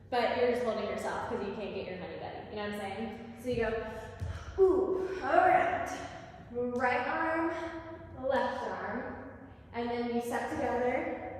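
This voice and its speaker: A woman's voice: fairly high pitch, slight background noise. A young woman teaching a dance combination in a studio, chatting, counting steps and singing lyrics along. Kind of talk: casual dance instruction. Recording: echoey studio, voice from far off.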